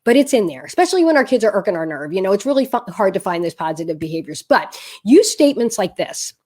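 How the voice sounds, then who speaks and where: A woman's voice: mid-range voice, sing-song, quick pace, darkish tone. A woman parenting coach giving earnest, conversational advice straight to camera, with frequent fillers and restarts. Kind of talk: direct-to-camera advice talk.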